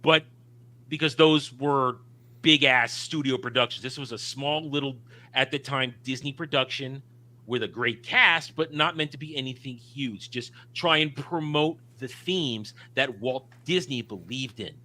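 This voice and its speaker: A man's voice: medium pitch, unhurried, pushed and bright. A man co-hosting a casual film discussion, talking emphatically and opinionatedly with frequent restarts. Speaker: podcast co-host.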